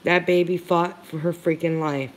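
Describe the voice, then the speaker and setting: A woman's voice: fairly low pitch, fairly even intonation, normal speed. A woman hosting a livestream, talking to her viewers in an earnest, heartfelt and emphatic way. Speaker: livestream commentator. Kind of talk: emotional commentary livestream.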